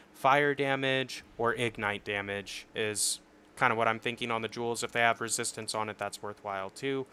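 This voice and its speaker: A young man casually explaining his game build on a livestream, swearing and getting excited once the fights start. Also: fairly low pitch, a little hiss or hum. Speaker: streamer. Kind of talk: casual gameplay commentary.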